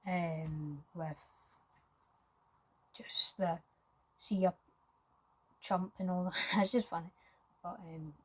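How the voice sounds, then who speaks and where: A woman's voice: lowish voice, a little mellow, slightly rough, low-quality recording. A woman giving a casual, rambling film review, full of hesitations and restarts.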